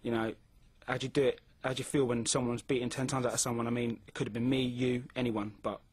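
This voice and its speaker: A man's voice: medium pitch, flat delivery, quick pace, husky, no echo. A man frankly telling his story in an informal interview, with many fillers. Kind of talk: testimony interview.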